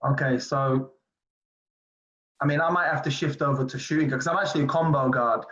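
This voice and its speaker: A man's voice: mid-range voice, fairly quick. English guy in his 40s rambling through old stories, lots of "like"s, muffled lo-fi sound. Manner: animated, rambling, full of fillers. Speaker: streetball player guest. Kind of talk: casual interview storytelling. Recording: dull lo-fi audio.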